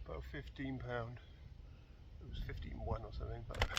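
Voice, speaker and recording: Chatty angler outdoors. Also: male voice, mid-range voice, steady tone, brisk, creaky, very noisy. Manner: chatty, rambling, easygoing. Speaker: angler vlogger. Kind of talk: casual fishing vlog. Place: outdoors at a fishing pool.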